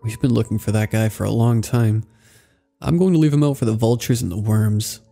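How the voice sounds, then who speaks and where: A grizzled older male ranger with a thick country accent, blunt and unhurried, as a narrator puts him on. The voice sits low and dark with some gravel to it, in a storybook horror reading. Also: faint music behind. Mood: grim. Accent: American country. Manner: drawling, blunt.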